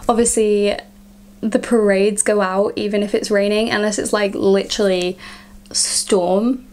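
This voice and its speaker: A woman's voice: medium pitch, little pitch movement, moderate pace, a little mellow, smooth. A young woman, chatting casually to camera in a vlog and filling her sentences with "like". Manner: chatty, frequent "like" fillers. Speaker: vlogger.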